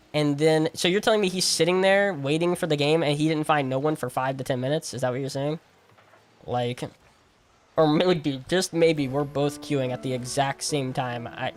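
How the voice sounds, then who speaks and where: A young man streaming a game, talking to chat in a casual, argumentative way, full of slang and repetition. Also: fairly high pitch. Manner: incredulous, argumentative, repeats himself; heavy use of "like" and slang.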